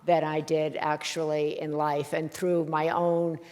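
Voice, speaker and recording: A woman hosting a heartfelt conversation, speaking softly and reflectively, pausing often with fillers as she thinks. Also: sits low, level tone, in a large hall. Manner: soft-spoken, reflective, pauses with fillers. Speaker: host.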